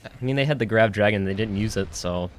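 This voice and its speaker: A man's voice: on the low side, fast. A man doing color commentary on a live esports match, laid-back and analytical with the odd joke. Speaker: esports co-caster.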